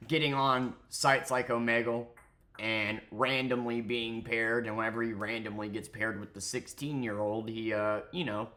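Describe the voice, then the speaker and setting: A man's voice: mid-range voice, sharp tone. A man ranting angrily in a commentary vlog, profane and mocking. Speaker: commentary vlogger.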